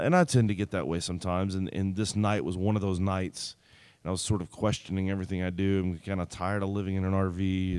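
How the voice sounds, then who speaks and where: Low-voiced man rambling through a story. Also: clear, resonant tone, no room sound. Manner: rambling, relaxed, full of fillers and restarts. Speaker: singer-songwriter performer. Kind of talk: storytelling between songs. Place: live open mic event.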